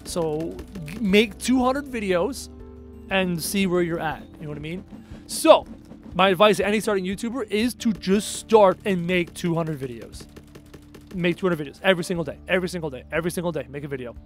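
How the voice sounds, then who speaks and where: High-voiced sarcastic Canadian streamer. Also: male voice, fairly quick, faint music behind. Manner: chatty and sarcastic, answers chat aloud. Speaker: game streamer. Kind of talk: casual live-stream chat while gaming.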